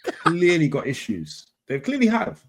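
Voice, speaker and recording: A man's voice: on the high side, huge pitch swings. Opinionated man on a podcast. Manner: opinionated, quick to interject. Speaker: podcast co-host. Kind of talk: casual wrestling chat.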